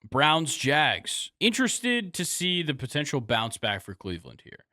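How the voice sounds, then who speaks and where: A young man co-hosting a casual sports podcast, laid-back and quick to laugh, trailing off with fillers as he thinks. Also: on the high side, wildly swooping pitch, pushed and bright, no room sound, studio quality. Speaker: podcast co-host.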